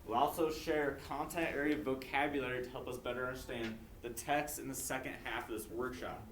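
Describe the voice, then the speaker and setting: A male teacher leading a class, drilling vocabulary by call and response and filling pauses with frequent "okay". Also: mid-range voice, fairly even intonation. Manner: frequent "okay" fillers, repeats prompts. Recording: echoey classroom from far off, faint noise.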